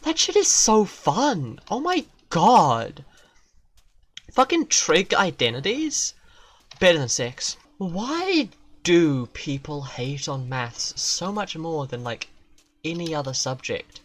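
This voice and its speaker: Game streamer, casual rant, lots of swearing, self-mocking, lively pitch. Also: takes it slowly. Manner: profane, ranting, self-mocking.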